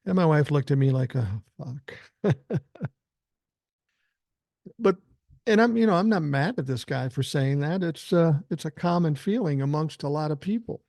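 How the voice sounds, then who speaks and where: A man's voice: fairly high pitch, moderate pace, gravelly, long pauses, a little mellow, no room sound. An older man hosting a podcast, talking in a blunt, profane and self-assured way. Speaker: podcast host. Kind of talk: casual political commentary.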